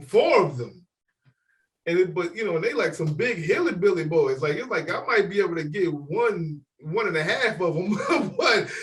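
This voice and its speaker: A man with a somewhat high voice spins a story in casual podcast chat, animated and full of swearing. He acts out the other people's lines as he goes. He sits a little away from the microphone. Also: far from the mic, poor audio. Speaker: podcast co-host.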